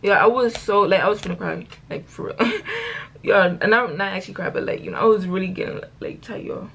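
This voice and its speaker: Teen girl vlogger, mid-pitched, chatty and rambling, slangy, keeps addressing viewers, faint hum behind. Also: brisk, creaky, fairly bright tone. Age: late teens. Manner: chatty, rambling storytelling, keeps saying y'all; slangy and self-correcting. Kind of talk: casual get-ready-with-me vlog chat. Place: at home getting ready.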